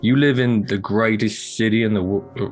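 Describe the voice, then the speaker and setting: A man playing a calm, fatherly tavern man. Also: on the low side, normal speed, faint music behind, lightly acted. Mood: soothing. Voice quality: soothing, reassuring.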